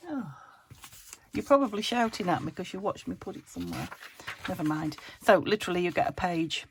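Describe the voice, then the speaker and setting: A woman from the UK hosting a casual craft tutorial, chatty and self-chiding as she thinks aloud while working, her voice still slightly croaky. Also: fairly low pitch, wildly swooping pitch, a little fast, slight background noise. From United Kingdom. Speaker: crafting channel host.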